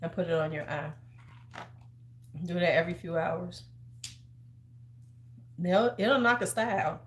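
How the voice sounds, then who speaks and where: A woman's voice: on the low side, unhurried, a little hiss or hum. A woman in her fifties hosting a casual livestream from home, chatty and sassy, handing out advice like a big sister. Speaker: host. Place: large room at home. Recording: roomy echo.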